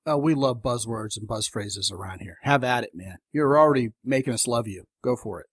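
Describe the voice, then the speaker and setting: A man's voice: mid-range voice, fairly quick, breathy edge, dry recording, clean studio sound. A man hosting a podcast interview, bantering with his guest in a jokey, enthusiastic way. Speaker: podcast host.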